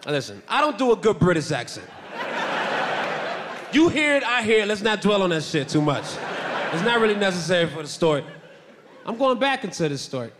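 A male comedian tells stand-up stories with a high, animated voice and keeps breaking into shouted bits. His voice rings out with a long hall reverb. Faint background ambience sits underneath. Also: a little fast, long pauses, background noise.

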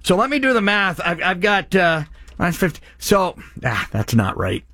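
A middle-aged man hosting a live radio charity appeal, eagerly thanking callers by name and stumbling over his words when excited. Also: high-pitched, moderate pace, no room sound, studio quality. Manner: excitable, names donors with loud bursts of enthusiasm; stutters and restarts when excited. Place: radio studio.

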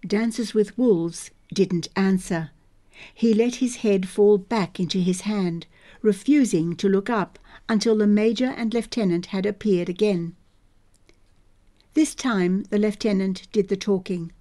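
A woman narrates a novel as an audiobook reader, her medium-pitched voice keeping a measured, even storytelling manner.

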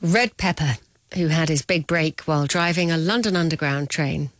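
A woman presenter reading scripted links in a measured way. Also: low voice, no echo, studio quality. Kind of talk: scripted radio narration.

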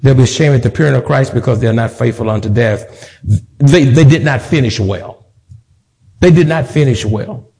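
A man's voice: medium pitch, moderate pace, darkish tone. A man preaching a sermon as pastor, emphatic and repetitive with joking asides. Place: church sanctuary.

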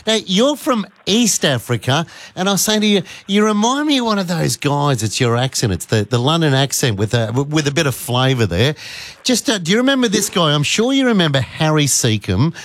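A man's voice: a little high, sing-song, fairly quick, fairly bright tone. A man hosting talkback radio, chatting with callers in a cheeky, jokey way. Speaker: radio host. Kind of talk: casual talkback radio chat.

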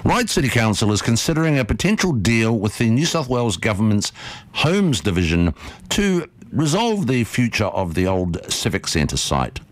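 A man reading a local radio news bulletin in a brisk, measured way, with a distinctive accent. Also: fairly low pitch, very animated. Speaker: local newsreader.

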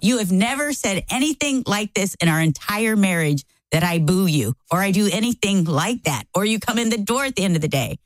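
A woman's voice: medium pitch, normal speed, dry recording. A middle-aged woman co-hosting a casual talk, telling a story and acting out the quoted lines. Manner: animated, acts out quoted lines. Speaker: co-host.

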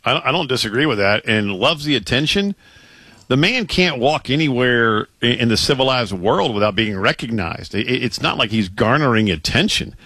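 A man co-hosting a sports talk radio show, worked up and emphatic, with a very lively pitch and a bright, forceful tone. He is feeling sick and is recorded dry on a close studio mic. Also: moderate pace, no echo. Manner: excitable, emphatic, stammering restarts. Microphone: studio microphone.

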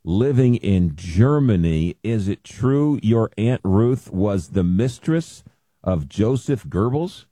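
A man's voice: fairly low pitch, lively intonation, takes it slowly, mellow, no room sound, studio quality. A man interviewing a guest, asking direct questions and summarizing her story back to her.

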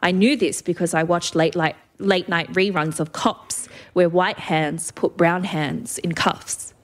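A woman's voice: on the low side, steady tone, a little slow. A woman reading a first-person story aloud with vivid expression.

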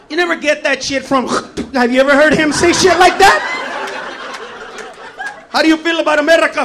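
A male stand-up comedian doing a profane routine, shouting punchlines and laughing through his lines. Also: very high voice, a little fast, crowd noise, noisy background.

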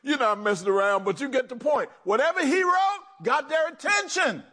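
A man preaching a sermon as pastor, animated, swinging between loud emphasis and quiet asides. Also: very high voice, normal speed.

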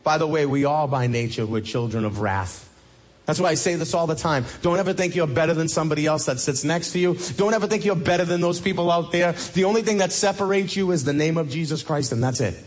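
A man preaching a sermon as pastor, emphatic and repetitive, often rising sharply in pitch to drive a point home. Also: fast.

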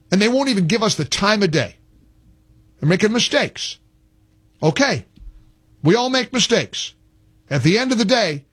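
A man's voice: high-pitched, fairly bright tone. A man hosting a political talk radio show, ranting in a fired-up, emphatic way with lots of repetition.

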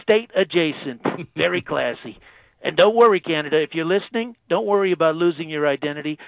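A man's voice: on the high side, lively intonation, a little fast, vocal fry, no echo. A man impersonating a bragging president on the phone. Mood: boastful. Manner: boastful, repeats phrases for emphasis. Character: boastful brash male president, self-praising. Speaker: phone-in guest. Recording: tinny phone line.

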